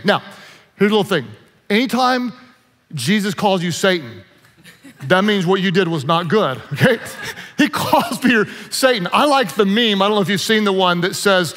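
A man's voice: sits high, moderate pace, in a large hall. A man preaching a sermon as pastor, telling stories with joking asides. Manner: animated storyteller, joking asides.

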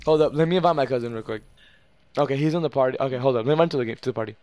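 A young man hosting a gaming session, talking fast and loose with friends, excitable and profane, swearing and calling out plays. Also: mid-range voice, no room sound. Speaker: gamer host. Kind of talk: casual gaming chat.

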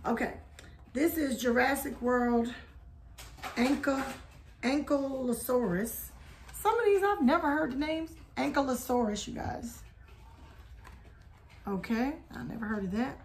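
A woman talks viewers through her shopping finds in a casual vlog. Her voice sits a little high, and she chats easily and hums theme tunes along the way. Faint clicks sit in the background. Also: expressive, unhurried, long pauses, slight background noise. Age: adult. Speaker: haul video host.

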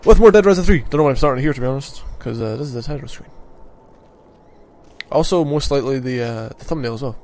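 A relaxed male gamer rambles through his let's-play commentary in an easy, offhand tone. His voice sits at an ordinary middle pitch, with a faint hiss of noise under it. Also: fast talker, long pauses. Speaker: gaming channel host.

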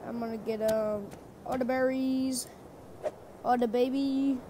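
A playful woman talks her way through a game, calling out to the creatures on screen and swinging between loud and hushed. Her voice sits a little high. Loud background noise runs under the whole recording. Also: steady tone, a little slow. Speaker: gamer. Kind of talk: casual gameplay commentary.

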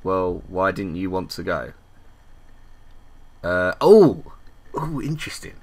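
Low-voiced young man playing through a game. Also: very animated, slow, over music. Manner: chatty, laughs often, reads messages aloud in a soft voice. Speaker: gaming video host. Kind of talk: blind playthrough commentary, reading chat aloud. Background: keyboard typing clicks.

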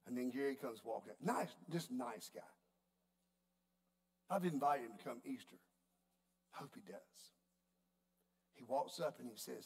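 A man preaching a sermon, telling a story in a folksy, animated way. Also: medium pitch, normal speed, vocal fry, long pauses. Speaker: pastor.

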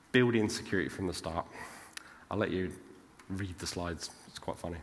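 A man's voice: low-pitched, unhurried, a bit bright, a little hiss or hum. British man talking in a reverberant hall. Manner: chatty, tags lines with "right?". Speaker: conference speaker. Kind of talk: casual conference talk. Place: large conference hall.

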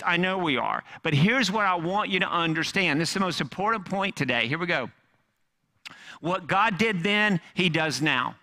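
A man preaching a sermon, telling a story with dramatic swings from loud emphasis down to hushed, near-whispered lines. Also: high voice. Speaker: pastor.

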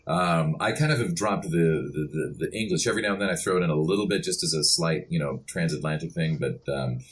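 Very low-voiced man telling stories. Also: fast talker. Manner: laid-back, chuckling storyteller. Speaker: voice actor guest. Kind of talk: casual podcast interview.

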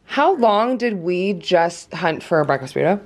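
Low-voiced woman, chatty voice-over. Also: sing-song, normal speed, over music. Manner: chatty, candid, self-deprecating. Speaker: DIY vlogger. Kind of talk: casual voice-over narration.

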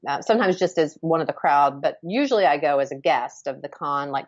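Casting: an animated, chatty woman guest, slightly low voice, muffled dry line. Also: no echo. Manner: chatty, animated, laughs often. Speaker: author guest. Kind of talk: casual interview chat.

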